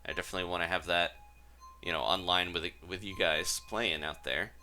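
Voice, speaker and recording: Deep-voiced chatty man streaming games. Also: fairly even intonation, fairly quick, bright, forceful tone, faint music behind. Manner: rambling, chatty, laughs often. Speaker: gaming streamer host. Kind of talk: casual live-stream chat over gameplay.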